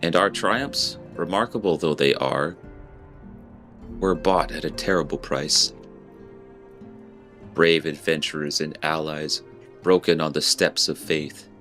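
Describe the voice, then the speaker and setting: A man reading the lines of a solemn young noble scholar from a game, in a formal, measured way. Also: very deep voice, sharp tone, soft background music, heavily acted. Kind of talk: reading game dialogue aloud.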